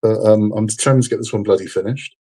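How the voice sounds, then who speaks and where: A man's voice: fairly low pitch, quick pace, mellow, slightly rough. A man hosting a live model-building stream, chatting casually and frankly, rambling and repeating himself, tired and under the weather. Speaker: livestream host building a model kit.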